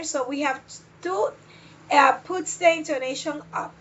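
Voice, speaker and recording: A woman leads an online English lesson, stretching out each model question. Her voice sits high and her pace is slow and deliberate. The audio is muffled and lo-fi. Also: pushed and bright. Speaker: English teacher. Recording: dull lo-fi audio.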